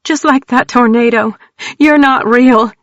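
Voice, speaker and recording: A woman's voice: a little high, measured pace, dry recording, lo-fi sound, voice pushed up, close to an everyday voice. A woman voicing a frightened, grieving young woman close to breaking down, crying out tearfully. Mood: panicked.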